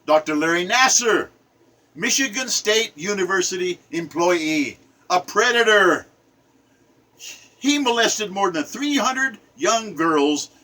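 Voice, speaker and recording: A man speaking as a poet in an impassioned, angry rant to camera, swinging between loud outbursts and low murmurs. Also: animated, slow.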